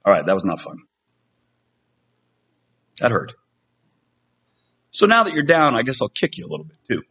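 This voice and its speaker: Husky-voiced man preaching casually. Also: medium pitch, wildly swooping pitch, moderate pace, fairly bright tone. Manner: conversational, self-deprecating, with many fillers and restarts. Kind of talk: sermon. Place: church sanctuary. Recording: slightly dull lo-fi sound.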